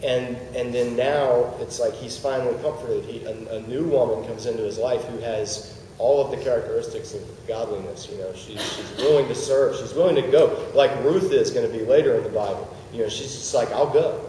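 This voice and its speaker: A man leads a relaxed Bible study, talking in a conversational way with jokey asides and questions put to his listeners. His voice is mellow and low in brightness. It was picked up from a distance in a big room with a long, roomy echo. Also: fairly quick, few pauses, slight background noise. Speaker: Bible teacher. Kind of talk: casual Bible study teaching.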